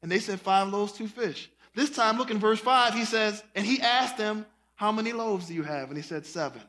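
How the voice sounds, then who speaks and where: Bright, high-voiced preaching man. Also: normal speed, a little hiss or hum. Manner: animated preaching, breaks into singing and shouting; folksy, calls the congregation y'all. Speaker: pastor. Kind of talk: sermon.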